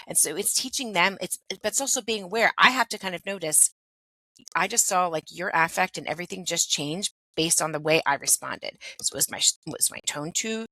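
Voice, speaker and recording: In a conversational interview, a middle-aged woman who works as a pediatric occupational therapist explains things, sprinkling in "like" and "right?" often. Her voice is fairly low, bright, and forceful, captured in a dry, poor-quality recording.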